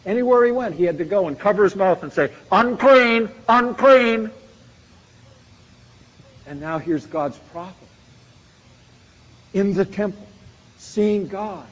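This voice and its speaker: A man with a fairly high voice preaches a sermon, building emphasis through repeated phrases. The sound is dull and muffled. A long reverb from a large hall hangs behind his words. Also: normal speed, long pauses, a little mellow. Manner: emphatic, repetitive preaching cadence.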